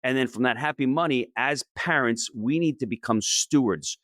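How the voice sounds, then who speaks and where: A middle-aged man answering interview questions in an energetic, emphatic and persuasive way. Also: medium pitch, moderate pace, dry recording, clean studio sound. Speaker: podcast guest.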